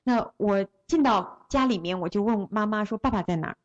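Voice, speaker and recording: A woman relays a preacher's story phrase by phrase, following his lead with the odd restart. Her voice sits at a mid pitch, and the recording is dull and lo-fi. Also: fairly quick. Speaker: interpreter. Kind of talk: consecutive sermon interpretation.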